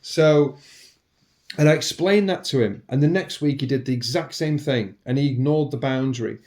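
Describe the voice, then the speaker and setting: Man, casual rambling storyteller, animated, swears, mid-pitched voice, echoey room. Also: normal speed. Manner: rambling, animated, swears, acts out quoted speech. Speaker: podcast host. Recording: roomy echo.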